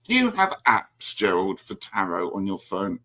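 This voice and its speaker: A man's voice: low-pitched, wildly swooping pitch, normal speed, bright, forceful tone. A man chatting playfully as co-host on a livestream, giggly and showing cards on a video call. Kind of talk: casual livestream chat.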